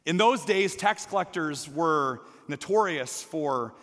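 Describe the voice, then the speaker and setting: A man in his thirties preaching a sermon, shifting between hushed near-whispers and emphatic, rising calls. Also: a little high, animated, slow, long reverb tail. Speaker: pastor.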